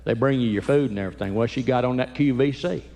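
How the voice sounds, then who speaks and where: A man, a Christian comedian doing folksy, animated stand-up storytelling. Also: mid-range voice, quick pace, slight background noise. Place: church hall. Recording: echoey hall, faint ambience.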